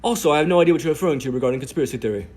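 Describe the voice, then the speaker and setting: A man's voice: expressive, very fast, darkish tone, husky. A man putting on a huffy British woman. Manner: prim, accusing, raised pitch. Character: indignant woman journalist, huffy and suspicious.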